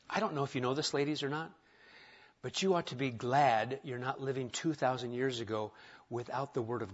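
A man's voice: on the high side, fairly bright tone, muffled recording. A man preaching a sermon in a church, conversational, with rhetorical questions and light humor. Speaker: pastor. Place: church sanctuary.

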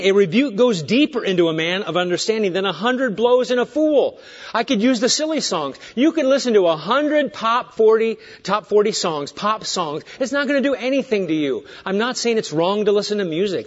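Older guy preaching, kinda high voice, goes quiet then loud, cracks jokes, muffled lo-fi sound. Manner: swings between hushed asides and raised emphatic points, with joking digressions. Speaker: pastor. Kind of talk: sermon.

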